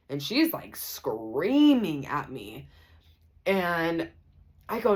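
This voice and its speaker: Low-voiced woman telling a storytime. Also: sing-song, unhurried. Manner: chatty, full of fillers and asides to viewers. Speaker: vlogger. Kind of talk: storytime vlog, casual chat.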